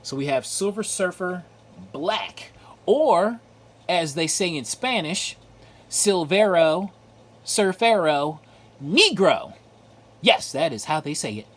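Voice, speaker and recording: This man's voice sits on the high side, a bit bright, with lively intonation at a normal pace. He's chatting casually through a video about his comic book haul, often repeating himself and leaning on fillers like "uh" and "like."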